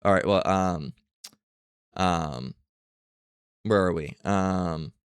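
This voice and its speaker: A man giving a casual scripture lesson, reading passages aloud and talking in a halting way with many fillers and restarts. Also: deep voice, smooth, dry recording, studio quality. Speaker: religious teacher.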